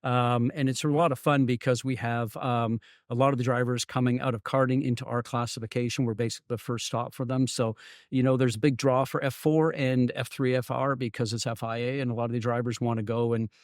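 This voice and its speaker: A middle-aged man, a former racing driver, chatting casually as a guest and telling lively anecdotes. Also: mid-range voice, a little fast, no room sound, clean studio sound. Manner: animated storyteller, acts out the people in his stories, laughs often. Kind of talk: casual storytelling chat.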